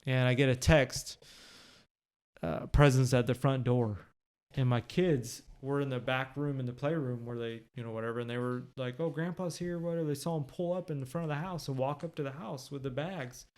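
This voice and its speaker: A man's voice: medium pitch, fairly even intonation, moderate pace, a little mellow. A man talking as a podcast guest in his home, telling a personal story in a blunt, profane, rambling way. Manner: blunt and profane, with many fillers. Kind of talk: candid conversational storytelling. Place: living room of his home.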